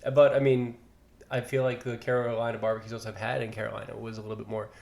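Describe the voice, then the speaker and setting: A man jokes around in casual podcast chat, quick with crude asides. His voice has a strong gravelly fry. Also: mid-range voice, level tone, a little mellow. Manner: joking, crude banter. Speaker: podcast co-host.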